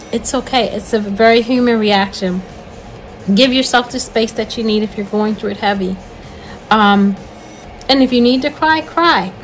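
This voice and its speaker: A woman's voice: medium pitch, poor audio. An older woman hosting her own talk, speaking earnestly and repeating her main points in a preacher-like way. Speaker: host. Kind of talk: encouraging spoken talk.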